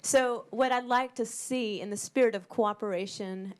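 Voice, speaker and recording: A woman's voice: fairly high pitch, normal speed, clean tone. Earnest emphatic woman at a board meeting. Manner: earnest, emphatic, repeats key words. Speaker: school board member. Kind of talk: public meeting remarks.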